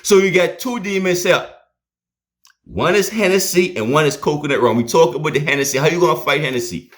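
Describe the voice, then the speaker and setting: Preacher with dramatic swings. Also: male voice, on the high side, brisk. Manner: dramatic, swings between loud emphasis and hushed asides. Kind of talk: sermon.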